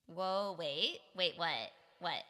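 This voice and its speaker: A woman's voice: fairly low pitch, slow pace, sharp tone, big-room sound. A woman streamer chatting casually with her viewers, giggling often and reacting to chat.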